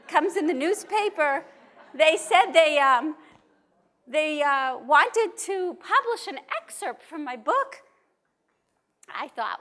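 A woman rabbi from New York giving a measured, emphatic talk at a conference. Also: high voice, fairly bright tone. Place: conference hall.

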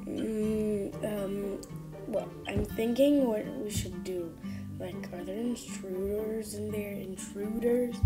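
A woman giving casual, excitable commentary while she plays a game, full of chatty exclamations. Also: medium pitch, slow pace, soft background music. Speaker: gaming streamer.

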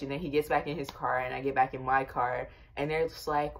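A young woman casually telling a storytime tale to her viewers, chatty and animated, with lots of fillers. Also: extremely low pitch, brisk, vocal fry, few pauses. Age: young adult. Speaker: vlogger.

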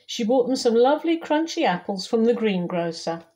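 Woman reading a kids' story out loud, lively, talks to the little ones, voice a bit high. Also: normal speed. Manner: lively, addresses young listeners directly. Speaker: volunteer storybook reader. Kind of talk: reading a picture book aloud to children.

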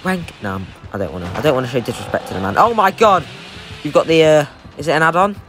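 A young man giving excitable, jokey live commentary while playing a game, swearing and trash-talking the opponent. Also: medium pitch, rapid-fire, music in the background. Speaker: gaming YouTuber.

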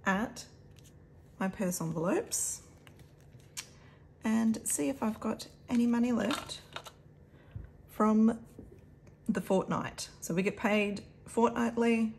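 Aussie lady budget vlogger, chatty and upbeat, counting notes out loud. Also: medium pitch, slight background noise. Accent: Australian. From Australia. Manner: chatty and upbeat, talking to viewers while counting. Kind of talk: casual vlog, counting cash aloud.

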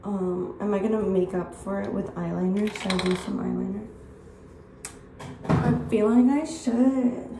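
A woman's voice: medium pitch, fairly even intonation, measured pace, gravelly, background noise. A young woman in her early twenties, rambling bluntly with swearing as she chats while getting ready at home. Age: early 20s. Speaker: vlogger. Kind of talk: get-ready-with-me chat. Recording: echoey room, distant mic.

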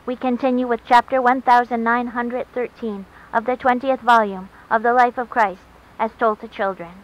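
A woman's voice: on the high side, steady tone, normal speed, natural voice. A woman voicing a stern convent headmistress nun who makes formal announcements, recorded on a dull lo-fi track. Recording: dull lo-fi recording, faint hiss.

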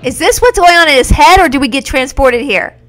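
A woman streaming a video game live, reacting excitably with yelps and exclamations. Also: high voice, a little fast. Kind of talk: live gameplay commentary. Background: faint game music.

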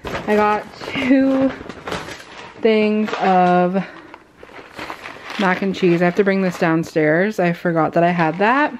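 A woman's voice: medium pitch, takes it slowly, long pauses, noisy background. A young woman chatting casually to the camera as a vlogger, loose and rambling with many fillers. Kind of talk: casual vlog haul chat.

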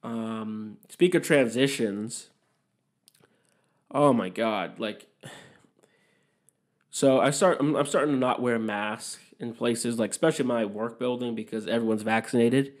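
A young podcast host from Massachusetts talks alone in a candid, opinionated ramble, swearing freely. His medium-pitched voice moves a little slowly, with long pauses.

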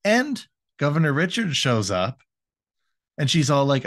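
A man's voice: fairly high pitch, big pitch swings, a little slow, a bit bright. A young man co-hosting a podcast, retelling an episode in a loose, profane, laughing way. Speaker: podcast co-host. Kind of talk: casual recap chat.

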